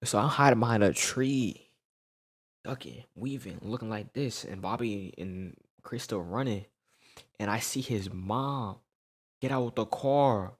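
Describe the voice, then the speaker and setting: A young man telling a storytime tale in casual slang, animated and peppered with "right?" tags. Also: lowish voice, a little slow.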